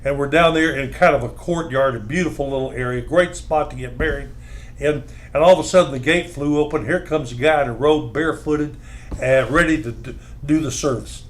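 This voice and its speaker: A man's voice: mid-range voice, brisk. A man hosting a radio morning show, reminiscing in casual chat. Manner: reminiscing, rambling with restarts.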